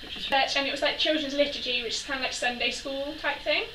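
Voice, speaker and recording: A young woman in a casual vlog tells childhood stories, giggling and acting out the voices of people she quotes. She talks fast in a high voice with fairly even intonation. The audio is recorded from a distance in an echoey room with faint noise.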